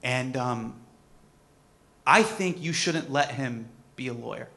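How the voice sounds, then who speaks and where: A man quoting a gentle, wise elderly mentor, speaking slowly and earnestly. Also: medium pitch, creaky, slight background noise, exaggerated voice.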